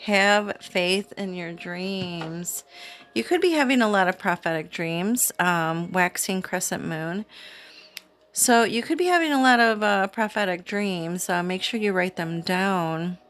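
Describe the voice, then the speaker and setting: A woman hosting her own channel, giving a casual, chatty spiritual card reading to camera in a slow, soothing way. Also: lowish voice, animated, a bit bright. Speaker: tarot reader, channel host.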